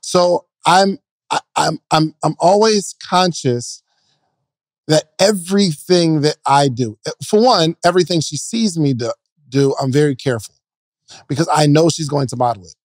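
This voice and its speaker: A man co-hosting a podcast, casually telling an animated story about his small daughter. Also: on the high side, normal speed, dry recording, clean studio sound. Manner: animated, mimics his child playfully. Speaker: podcast co-host.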